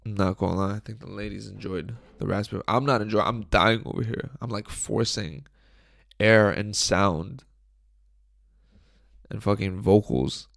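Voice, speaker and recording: Young guy with a cold doing his podcast solo, low raspy gravelly voice, crude jokey rambling, dry close mic. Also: normal speed, a bit bright, dry recording. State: hoarse from a cold. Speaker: podcast host. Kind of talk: casual solo podcast chat. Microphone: studio microphone, close.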